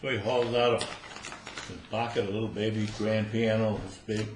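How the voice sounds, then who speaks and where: An older amateur joke teller entertains a live crowd in a social club room after bridge, chuckling at his own punchlines as he tells his stories. His voice is lowish and flat at a normal speed, and the roomy space carries faint noise.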